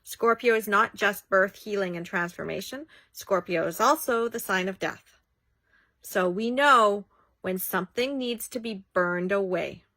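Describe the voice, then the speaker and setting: A woman's voice: medium pitch, a little slow, pushed and bright, dry recording. A woman childbirth educator and coach talking casually to camera, emphatic, acting out what friends might say. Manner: emphatic, acts out quoted friends. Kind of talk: casual talking-head monologue.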